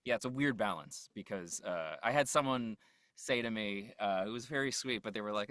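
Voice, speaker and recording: A man's voice: on the low side, moderate pace, fairly bright tone, no echo, clean studio sound. A man, a voice actor, talking as an interview guest in a loose, rambling way, laughing often and trailing off mid-thought. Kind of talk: casual interview chat.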